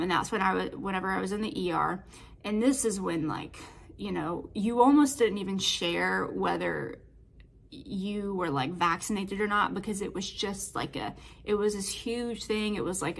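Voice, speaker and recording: A woman's voice: mid-range voice, creaky, fairly bright tone. A woman fitness coach talking in a casual motivational monologue, chatty and storytelling with lots of filler words.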